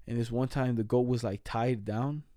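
A man's voice: mid-range voice, fairly even intonation, moderate pace, dark tone, dry recording, clean studio sound. A young man telling stories in casual chat, slangy, laughing as he goes and swearing a lot.

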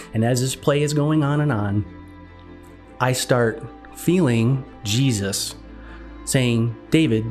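Guy telling his testimony, earnest, acts out the quotes, faint music behind. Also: medium pitch. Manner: earnest, animated retelling with quoted dialogue. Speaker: guest sharing testimony. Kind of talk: personal storytelling.

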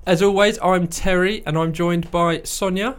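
A man's voice: sits high, steady tone, normal speed. A man hosting a podcast in casual chat, often breaking into laughter. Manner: giggly, keeps breaking into laughter. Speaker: podcast host.

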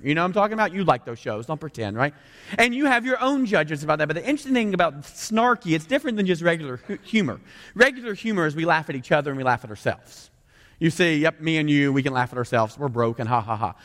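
A male pastor with a Southern American accent, preaching a sermon in a lively, conversational way with joking asides to the crowd. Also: on the high side, quick pace. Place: large room with a couple hundred people. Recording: long hall reverb.

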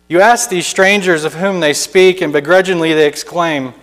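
Man, guest preacher, dramatic storytelling sermon, high voice, long church reverb. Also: fairly even intonation, normal speed, hardly any pauses, fairly bright tone. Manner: dramatic storytelling, building intensity. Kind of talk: sermon with imaginative narration.

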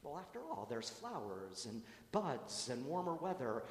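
Priest, homily, measured preaching delivery, recorded in a reverberant church. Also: male voice, mid-range voice, very animated. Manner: measured preaching cadence with dramatic storytelling swells. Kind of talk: gospel reading and homily. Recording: echoey church with long reverb.

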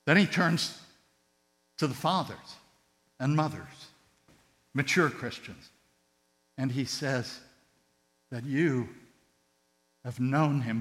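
A man preaching a sermon with passion, his voice surging loud on key words and then dropping to a hush. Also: mid-range voice, slow pace, pauses often. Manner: impassioned, swinging between loud emphatic rises and hushed tender drops. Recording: long hall reverb with mains hum.

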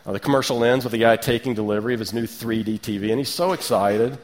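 A man in his thirties giving a sermon, relaxed and conversational, with rhetorical questions and light asides. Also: mid-range voice, quick pace. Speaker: preacher.

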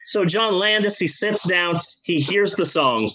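Slightly high-voiced man telling a comedy story. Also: animated, bright, forceful tone, poor audio. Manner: profane, jokey, quick asides and restarts. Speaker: podcast host and storyteller.

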